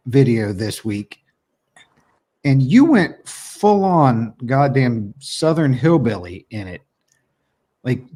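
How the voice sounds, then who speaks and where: Man, podcast co-host, casual profane banter, teasing, mid-pitched voice. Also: a little mellow. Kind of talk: casual chat.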